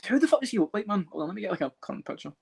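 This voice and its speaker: A man co-hosting a casual podcast chat about fights, talking fast, swearing and laughing a lot. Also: high-pitched, big pitch swings, creaky, darkish tone, a little hiss or hum. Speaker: podcast co-host.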